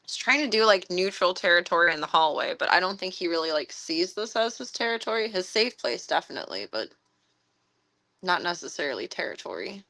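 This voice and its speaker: Woman streamer, casual home chat, very animated pitch, coos at pets. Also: a little fast. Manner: lively, coos at her cats in a high voice.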